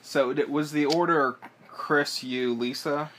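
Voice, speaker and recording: A man's voice: fairly high pitch, steady tone, takes it slowly, background noise. A man interviewing a guest, asking about his childhood and dropping teasing jokes. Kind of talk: casual interview questions.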